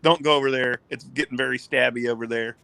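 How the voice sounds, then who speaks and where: A man's voice: medium pitch, fast, gravelly, no room sound, low-quality recording. A man in his thirties, a former ballplayer, telling a casual story with lots of swearing, acting out the lines of the people in it. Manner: animated, swearing, acts out quotes. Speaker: guest, former pitcher.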